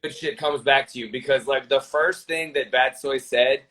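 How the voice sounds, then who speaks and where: A man's voice: medium pitch, steady tone, normal speed, a bit bright, poor audio. A young man, a gaming streamer, talking casually as a podcast guest, rambling with lots of fillers and restarts.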